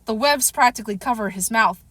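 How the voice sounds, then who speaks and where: Audiobook narrator, female, expressive first-person reading, slightly high voice, dry close sound. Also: fairly quick, dry recording. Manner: expressive storytelling, occasional self-corrections.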